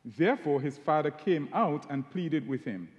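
A man delivers a sermon, slowing down and leaning hard on the words he wants to stress. His voice sits a little higher than most men's. The sound carries the long reverb of a large hall. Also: animated, darkish tone, highs cut off. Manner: emphatic, stretching key words for stress. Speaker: preacher.

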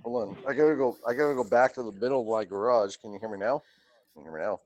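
A man's voice: on the low side, racing, a little mellow. A laid-back man calling into a panel show from his home garage, saying "dude" a lot.

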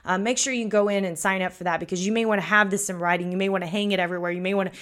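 A woman in her thirties hosts a podcast in a loose, conversational way. She chuckles as she tells stories, and her voice sits at a middling pitch. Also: steady tone, racing, fairly bright tone. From United States. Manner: chatty, chuckling, folksy. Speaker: podcast host. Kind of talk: casual podcast talk, storytelling.

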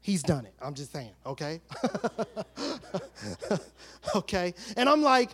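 Male pastor, middle-aged, animated sermon storytelling, hushed asides then loud outbursts. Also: high-pitched, takes it slowly, pauses often.

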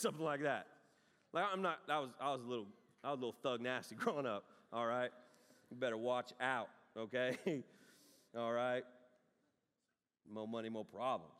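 A man, preaching a sermon in an animated storytelling way, swinging between loud outbursts and quiet asides. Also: medium pitch, normal speed. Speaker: pastor. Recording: long hall reverb.

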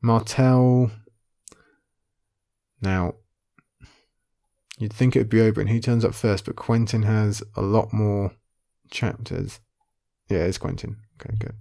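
Gravelly low-voiced man musing over a quiz. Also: steady tone, slow, long pauses, mellow. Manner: muttering guesses half to himself, then committing. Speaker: video creator playing an online quiz. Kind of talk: casual thinking-aloud commentary.

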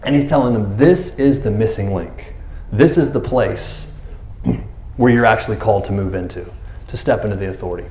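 A man's voice: lowish voice, moderate pace, a little mellow, echoey room. A man preaching a casual, conversational sermon, acting out quoted voices as he goes. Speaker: pastor.

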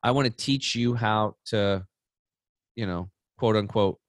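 A man in his forties, a podcast guest, chatting casually and telling stories with lively acted-out voices. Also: lowish voice, a little slow, dry recording. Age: 40s. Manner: animated storytelling, acting out voices. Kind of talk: casual chat.

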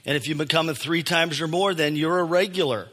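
A middle-aged male pastor delivers a sermon in a loose, conversational way, pausing on fillers and restarting phrases as he thinks aloud. His voice sits a little higher than most men's, and the sound carries a long reverb off the church walls. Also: a bit bright. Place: church sanctuary.

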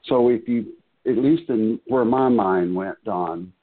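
A man on a discussion panel sharing his thoughts slowly and thoughtfully, with hesitant restarts. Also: on the low side, slightly rough. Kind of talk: reflective casual discussion. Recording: tinny phone-like line.

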